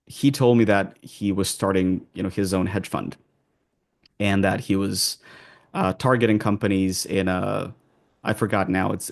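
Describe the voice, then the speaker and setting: A man's voice: low voice, vocal fry. A man who works as an accent coach, answering interview questions in a rambling way with many restarts and fillers.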